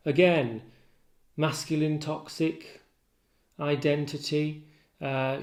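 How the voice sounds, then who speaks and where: Slow, deliberate male literature tutor. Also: medium pitch, a little mellow. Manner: deliberate, analytical explanation. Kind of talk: recorded lesson.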